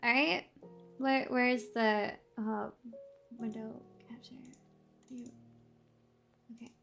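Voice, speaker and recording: A woman streamer in a casual live-stream rant, animated, swearing a lot and laughing often. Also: fairly high pitch, takes it slowly, vocal fry, music in the background. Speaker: VTuber streamer.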